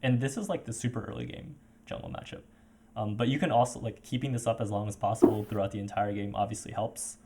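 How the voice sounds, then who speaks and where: A man's voice: on the low side, steady tone, fast, creaky, heavy background noise. A man coaching a player over a voice call, talking casually with many fillers and restarts.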